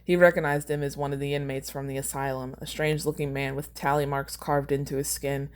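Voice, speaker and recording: A woman's voice: extremely low pitch, little pitch movement, fairly quick, clean tone. A woman hosting a podcast, reading her own fan fiction aloud and chatting casually about it, laughing at her own lines.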